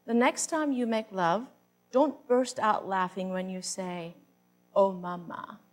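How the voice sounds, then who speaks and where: A woman's voice: medium pitch, slow pace, music in the background, close to an everyday voice. A woman on stage playing a brash, worldly woman who coaches other ladies, with theatrical moans and a bossy, instructing manner. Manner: theatrical, swooping moans and sighs. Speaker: stage performer. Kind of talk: live comic monologue reading.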